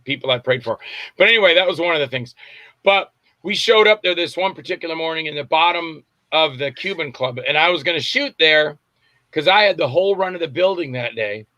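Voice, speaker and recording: Bright-voiced man telling rambling stories. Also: fairly high pitch, lively intonation, fairly quick, no echo, highs cut off. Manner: rambling, often gropes for names. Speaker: film director, interview guest. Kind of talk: casual interview storytelling. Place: lives in Tampa.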